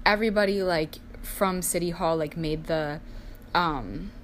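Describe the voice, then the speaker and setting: Speaking unhurriedly in a lowish voice, a young woman tells stories from her own life in a chatty way. She says "like" constantly and performs the voices of family members, with a faint hiss or hum in the background.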